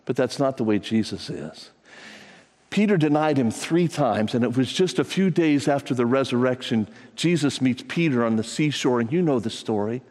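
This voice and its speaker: An older man preaching a sermon, telling folksy stories with repeated phrases and sudden rises in pitch. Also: expressive, moderate pace, a little mellow. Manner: folksy storytelling with repetitions and pitch jumps. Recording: long reverb of a large hall.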